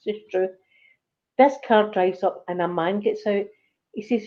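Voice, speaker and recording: A woman's voice: mid-range voice, normal speed. A Scottish woman of middle age tells a story in an easy, chatty way. She acts out what others said as she goes. The recording is a little dull and lo-fi. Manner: animated storyteller, acts out quoted voices. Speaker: channel host. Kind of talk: casual storytelling chat.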